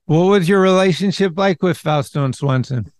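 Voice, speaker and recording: A man's voice: high voice, normal speed, no echo. A man interviewing a guest casually, asking short questions and reacting briefly.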